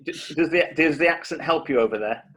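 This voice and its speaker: A man hosting a podcast interview, asking questions with halting, stumbling starts. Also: a little high, a bit bright. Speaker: podcast host. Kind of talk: casual interview chat.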